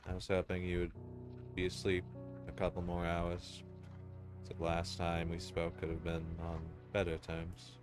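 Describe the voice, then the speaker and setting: A man's voice: low voice, completely flat delivery, unhurried, music in the background. A man voicing a woman gravedigger who sounds mild, breezy and detached, fond yet empty in tone. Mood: offhand. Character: calm, offhand woman gravedigger, eerily fond.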